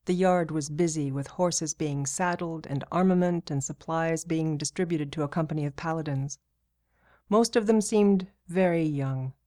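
A woman reading a novel aloud as narrator in a steady, even way. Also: deep voice. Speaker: audiobook narrator. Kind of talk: scripted narration.

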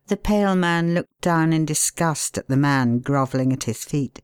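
A woman narrating a story in a calm, measured way. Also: sits low, smooth, no room sound, clean studio sound.

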